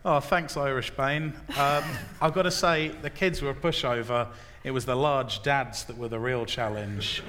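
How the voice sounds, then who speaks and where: A man playing a blunt, bewildered young male hero in a deadpan way. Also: medium pitch, moderate pace, few pauses, slight background noise, lightly acted. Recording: reverberant room, faint ambience.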